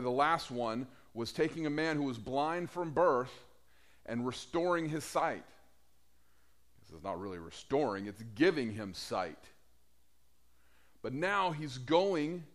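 A man's voice: a little high, animated, unhurried. A man preaching a sermon in a conversational way, asking the congregation questions.

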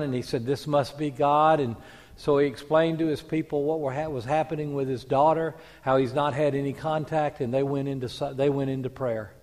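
A man preaching a sermon as a pastor, telling a story with hushed quiet passages and rising emphatic peaks. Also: a little high. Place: church sanctuary. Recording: long hall reverb.

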